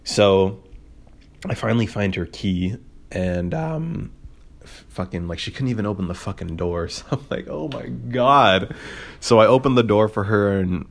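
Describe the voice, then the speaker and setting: Low-voiced man rambling through a story. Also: animated, moderate pace, a little mellow. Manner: rambling, profane, filler-heavy; sarcastic. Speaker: podcast host. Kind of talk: casual storytelling monologue.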